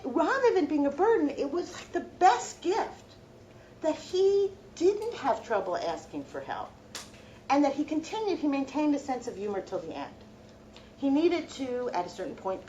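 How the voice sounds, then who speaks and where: Animated middle-aged woman telling stories. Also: high-pitched, dull audio, slight background noise. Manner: heartfelt, reflective storytelling. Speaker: law professor. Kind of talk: personal lecture to students.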